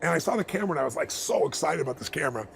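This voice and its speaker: A middle-aged man telling stories in an interview, animated and acting out the people he quotes. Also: very fast, vocal fry, soft background music. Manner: animated, acts out quoted people in high voices. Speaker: guest. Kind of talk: storytelling in a conversation.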